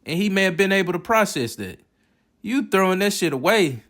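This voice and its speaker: Reviewing films, this man keeps things loose, cracking jokes, swearing, and reacting with animation. His voice sits high and he talks briskly.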